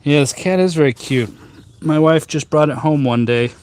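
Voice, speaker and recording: A man hosting a casual tea live stream outdoors on a rooftop garden, chatting with viewers in a jokey, rambling, deadpan way with many fillers. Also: on the high side, normal speed, smooth. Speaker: tea livestream host.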